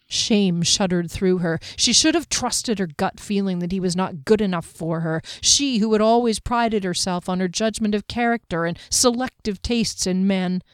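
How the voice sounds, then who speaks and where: Woman narrator for a fantasy novel, measured and expressive, dry close studio sound. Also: mid-range voice, no echo. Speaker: audiobook narrator.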